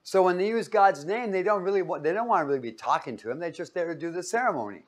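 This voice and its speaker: A man leads a Bible class in a playful, teasing way, quizzing his listeners and cracking jokes as he goes. His voice sits a little high for a man, and he talks straight to the group in front of him. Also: expressive, fast talker. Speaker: Bible teacher. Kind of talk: interactive Bible teaching.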